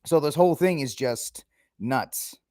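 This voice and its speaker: A man hosting a casual political podcast, opinionated and mocking, sometimes acting out quick impressions of politicians. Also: a little high, expressive, darkish tone, dry recording, clean studio sound. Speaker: podcast host.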